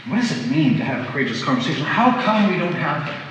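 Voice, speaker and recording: A man's voice: fairly high pitch, very animated, a bit bright, lo-fi sound, a little hiss or hum. Man telling a story in an echoey hall. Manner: halting, reflective, many restarts. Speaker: workshop presenter. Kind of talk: storytelling to a workshop audience.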